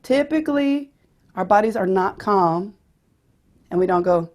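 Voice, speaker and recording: A woman's voice: medium pitch, animated, a little slow, long pauses, darkish tone. Woman, vocal pedagogy teacher, explains and demonstrates voices.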